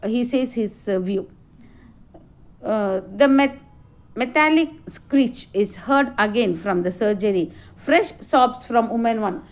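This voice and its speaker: Teacher lady walking kids thru a play, lots of uh and no?, bit high voice. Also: lively intonation. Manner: halting with many fillers, addresses children. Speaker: English teacher. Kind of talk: explaining a play to a class.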